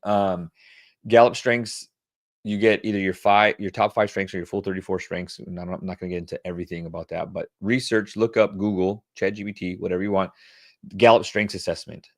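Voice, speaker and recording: A man's voice: low voice, fairly even intonation, a little fast, no echo, studio quality. A middle-aged man answering audience questions on wellbeing in a casual, coaching tone, with plenty of fillers. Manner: conversational, coaching tone with frequent fillers. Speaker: webclass host answering questions.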